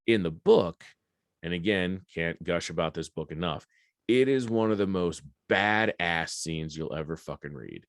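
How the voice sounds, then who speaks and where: A man's voice: low-pitched, animated, normal speed, no echo. A man hosting a podcast in casual chat, rambling and swearing with enthusiasm at a close mic. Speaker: podcast host.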